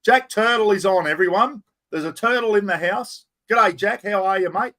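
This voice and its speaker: Speaking at a normal pace in a high, pushed, bright voice, this middle-aged Australian livestream host runs a casual chat over a plugged-in mic. Viewers get greeted by name, and the swearing comes out easy and natural.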